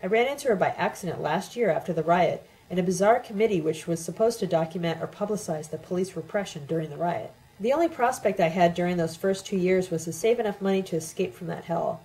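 Mellow-voiced woman reading a novel. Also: on the low side, quick pace, few pauses, rough recording. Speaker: audiobook reader.

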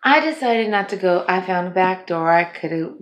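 A woman's voice: lowish voice, expressive, moderate pace. A tired middle-aged woman who has been up all night, rambling in a casual home vlog, swearing a lot and laughing often. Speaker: vlogger.

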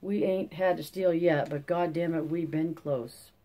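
A reader voicing a worn-down older farmhand, gruff and bitter, who talks in a slow folksy drawl. The tone stays mellow and warm in this audiobook reading. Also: mid-range voice, steady tone, natural voice. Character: weary older male migrant farmworker.

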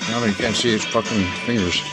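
A man vlogging to his viewers in a rambling, profane monologue, full of fillers and quick apologies. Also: fairly low pitch, steady tone, rough recording. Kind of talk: casual rambling monologue to camera. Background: background music.

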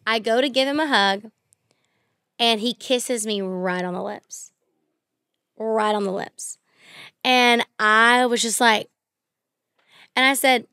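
A young woman and country singer telling stories in casual podcast chat, animated, swearing freely, and acting out what people said. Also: a little high, takes it slowly, pauses often, clean tone, no echo, clean studio sound. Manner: animated, swearing, acts out quotes in bursts. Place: podcast studio.

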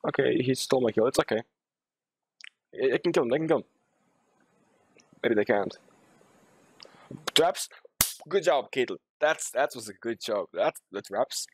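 A young man streaming a game live, talking to himself and yelling and swearing in sudden bursts at his teammates. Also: medium pitch, expressive, moderate pace, pauses often, breathy edge, no echo. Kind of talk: live gameplay commentary.

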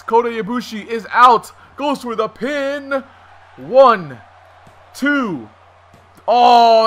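A man giving excited let's-play commentary over a wrestling video game, swearing often and yelling at what happens on screen. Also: sits high. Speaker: gaming commentator.

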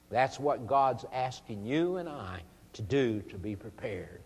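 A man delivering an evangelistic sermon in an unhurried, deliberate way. He pleads earnestly with his listeners and builds to fervent emphasis. His voice carries a long reverb from a large hall. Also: mid-range voice, animated, darkish tone, breathy edge. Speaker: preacher.

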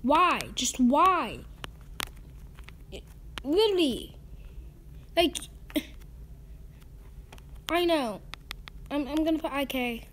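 A woman's voice: sits high, lively intonation, drawn-out words, pauses often, fairly bright tone, slight background noise. A young woman giving casual gameplay commentary, ranting and repeating herself in exasperation. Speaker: gaming YouTuber.

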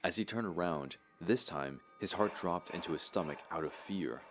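Very deep-voiced horror story narrator. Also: male voice, moderate pace, fairly bright tone, a little hiss or hum.

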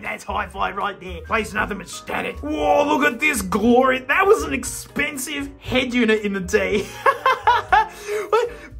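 A man's voice: very high-pitched, vocal fry. A man with an Australian accent, chatting casually and laughing as he reacts to an old car magazine. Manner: laughing, excitable, jokey asides. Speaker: YouTube host. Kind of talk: casual commentary while flipping through an old car magazine.

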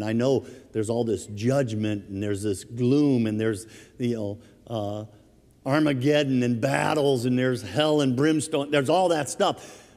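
A middle-aged man preaching a sermon from the pulpit, his voice mellow and dark in tone. He tells stories animatedly and chuckles as he goes, with a long hall reverb trailing every phrase. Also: medium pitch. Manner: storytelling, animated, chuckles through anecdotes. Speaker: pastor. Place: church sanctuary.

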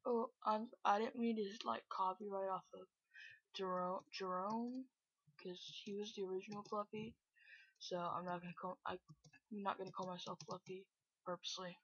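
A woman giving casual, self-mocking gameplay commentary, chatty and breaking into loud exclamations. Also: mid-range voice, moderate pace, husky, no room sound. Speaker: gameplay video host. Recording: dull lo-fi recording.

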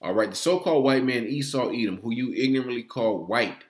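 A man delivers a sermon-style teaching in an ordinary middle-pitched voice. He leans on "all right" after almost every phrase. He often stumbles and restarts mid-word as he talks. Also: animated, brisk, echoey room. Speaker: religious teacher. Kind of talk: preaching with scripture reading.

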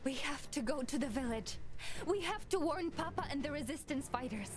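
A woman's voice: high-pitched, expressive, moderate pace. An actress playing a brave young village girl and sharpshooter in a war game, speaking with urgent determination. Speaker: game heroine. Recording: game audio with music behind.

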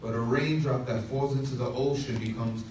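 A man's voice: mid-range voice, fairly even intonation, normal speed, darkish tone, slight background noise. Pastor man preaching in an echoey hall. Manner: storytelling with humor and asides. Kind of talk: sermon. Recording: echoey room from far off.

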